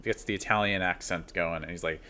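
A man's voice: low-pitched, fairly even intonation, brisk, bright, forceful tone. A man on a film podcast, casually retelling scenes he remembers. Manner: storytelling, recounting scenes. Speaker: podcast co-host.

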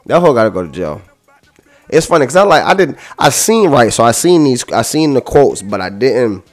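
A man hosting a podcast, ranting heatedly and profanely, repeating himself. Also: medium pitch. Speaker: podcast host.

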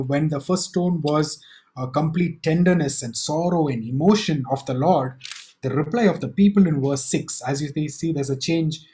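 A man with a fairly high voice preaches a verse-by-verse sermon. He reads the scripture slowly and with emphasis, then drops into loose, chatty explanation full of fillers and "right?" check-ins with his congregation. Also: dark tone, poor audio. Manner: slows and lifts his voice to read scripture aloud; conversational asides with frequent "right?" and fillers.

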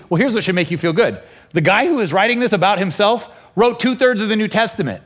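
A pastor preaching a lively sermon, acting out inner voices and quoting scripture with feeling. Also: male voice, high voice, fast. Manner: animated, acts out inner voices and quotes. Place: church, also streamed online.

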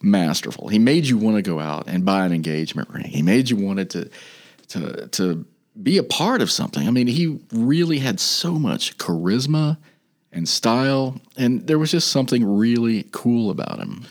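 A man's voice: medium pitch, lively intonation, normal speed. A man hosting a casual radio conversation, chatty and enthusiastic. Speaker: radio show host.

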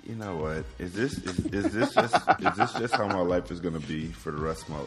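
Deep-voiced laid-back man, podcast banter. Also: lively intonation, a little fast, over music. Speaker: podcast co-host. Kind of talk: casual chat.

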